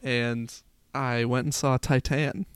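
Smooth-voiced young man telling stories. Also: medium pitch, fairly even intonation, takes it slowly, no echo. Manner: laughs through his stories, playful. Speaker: podcast co-host. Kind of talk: casual storytelling chat.

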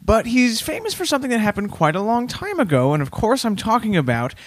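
Male co-host, high-ish, very expressive, dead dry mic. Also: a little fast, dry recording. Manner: animated, laughs often. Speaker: podcast co-host. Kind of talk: casual comedy chat. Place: office warehouse room.

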